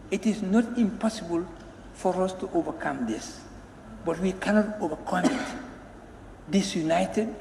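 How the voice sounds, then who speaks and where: Mp, really high voice for a guy, pleading, keeps repeating himself, echoey parliament hall. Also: unhurried, gravelly, a little mellow, slight background noise. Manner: emphatic, pleading, repeats and restarts words. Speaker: member of parliament. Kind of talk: parliamentary speech. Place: parliament chamber. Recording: echoey chamber with long reverb.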